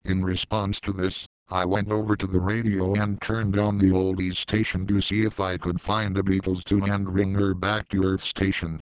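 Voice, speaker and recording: A man reading a first-person story aloud in a deadpan, profane manner on a close mic. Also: low-pitched, moderate pace, few pauses, clear, resonant tone, no echo, rough recording.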